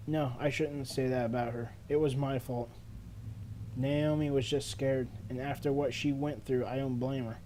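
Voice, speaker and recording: A man voicing a heartbroken teenage schoolgirl in a game, talking in a high, strained, emotional voice. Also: fairly even intonation, moderate pace, warm tone, slight background noise, natural voice. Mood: upset. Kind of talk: reading game dialogue aloud.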